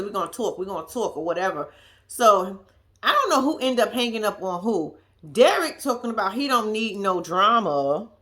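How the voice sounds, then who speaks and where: A woman's voice: mid-range voice, fairly bright tone. A woman giving a blunt, profane, sassy recap of a reality show in casual chat, laughing often. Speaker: reaction commentator.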